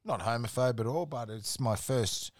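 A man's voice: medium pitch, moderate pace, no echo, studio quality. A man with an Australian accent, a podcast guest telling rambling, sweary work stories in a laid-back way. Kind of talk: casual storytelling chat.

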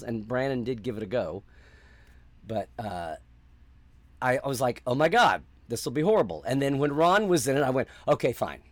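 Animated man telling stories in an interview. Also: medium pitch, dry recording. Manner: animated storyteller, acts out quoted reactions. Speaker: interview guest. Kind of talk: casual interview reminiscence.

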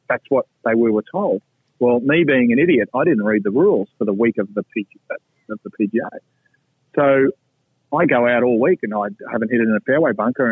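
A middle-aged Australian man, a podcast guest telling golf stories in a lively, blunt way with salty asides. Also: medium pitch, slightly rough, no echo. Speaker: podcast guest, pro golfer. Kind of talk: casual storytelling. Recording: tinny phone-like line, dry.

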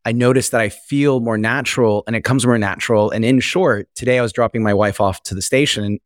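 A man's voice: medium pitch, brisk, no room sound, clean studio sound. A man co-hosting a podcast interview, sharing personal experiences earnestly. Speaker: podcast co-host. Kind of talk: interview conversation.

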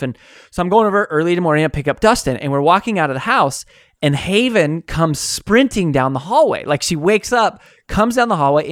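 Guy telling stories in an interview, kinda higher voice, lively, does little voices for quotes, dry close mic. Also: dry recording. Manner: animated storyteller, acts out quotes. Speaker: author and coaching company founder. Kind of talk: conversational interview storytelling.

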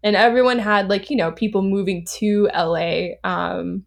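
A woman's voice: medium pitch, normal speed, creaky. Chatty woman from Southern California. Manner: chatty, animated, laughs often, many fillers. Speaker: podcast guest. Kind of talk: casual storytelling.

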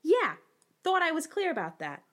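A woman's voice: very high voice, huge pitch swings, normal speed, a bit bright, exaggerated voice. A woman playing a tough, wry young circus performer who speaks bluntly.

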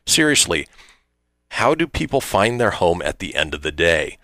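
A man hosting a radio talk show in a very low voice that swings up and down a lot as he talks. He speaks loosely and wryly, with frequent "uh" fillers, into a dry, close studio mic. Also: lively intonation, normal speed, fairly bright tone, no room sound. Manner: loose and conversational, many uh fillers, wry.

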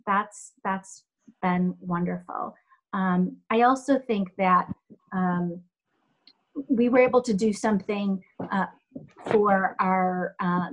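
A woman in a middle register answers interview questions as a health center leader. She speaks thoughtfully, often pausing and filling gaps as she gathers her words. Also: medium pitch, poor audio. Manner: thoughtful, halting with many fillers.

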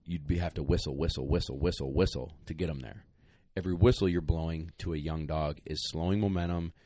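A man's voice: a bass voice, steady tone, a little fast, mellow, no room sound, clean studio sound. A man answering questions on a podcast as a dog trainer, blunt and plain-spoken, a little out of breath. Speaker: retriever trainer, guest. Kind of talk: casual podcast advice.

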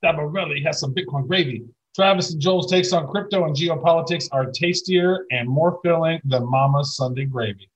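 Middle-aged man, husky voice, rambling enthusiastic podcast co-host, casual chat. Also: on the high side, normal speed, few pauses, poor audio. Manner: rambling, enthusiastic, swears playfully.

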